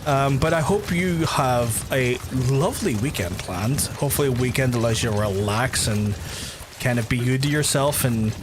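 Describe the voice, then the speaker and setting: A man talks casually on a gaming livestream at an everyday pitch, rambling and peppering his chat with swearing as he replies to viewers. The stream audio is noisy, with game ambience running beneath him. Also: normal speed. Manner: rambling, profane, chatty, answers chat messages.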